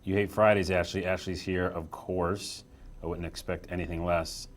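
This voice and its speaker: A man's voice: low-pitched, flat delivery, normal speed. A young man hosting a casual live stream from a small office room, chatty and self-deprecating as he reads the chat aloud.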